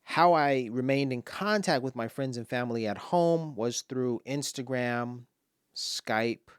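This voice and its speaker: A man from Los Angeles gives casual spoken commentary on his own poem in a medium-pitched, smooth, unhurried voice. He tells stories with voiced asides and sometimes drops to a whisper, recorded in studio quality with no room sound.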